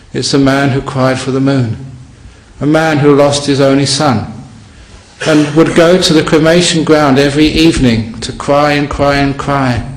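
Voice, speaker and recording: A man, a Buddhist monk, giving a dharma talk to a live audience with relaxed storytelling and wry humor. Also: mid-range voice. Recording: echoey hall, faint ambience.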